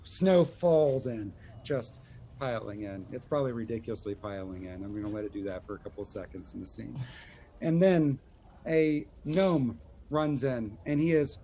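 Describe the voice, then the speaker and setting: A man's voice: medium pitch, normal speed, mellow, a little hiss or hum. A man narrating a tabletop game as game master, talking casually with lots of filler words.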